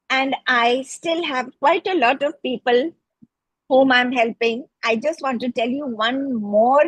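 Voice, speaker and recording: A middle-aged woman with an Indian English accent speaks a heartfelt testimonial with devotional fervor. Her voice is husky and a little breathy, pitched somewhat high, and she talks very slowly. The sound is dry and close. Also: no echo, poor audio. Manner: fervent, grateful, devotional. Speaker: healing student giving a testimonial. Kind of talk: spoken testimonial.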